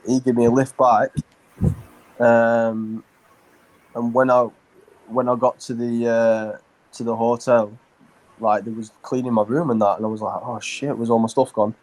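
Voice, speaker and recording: A man's voice: medium pitch, low-quality recording. Rambling, swearing man. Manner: rambling, swears a lot, many fillers. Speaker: podcast co-host. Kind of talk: casual storytelling chat.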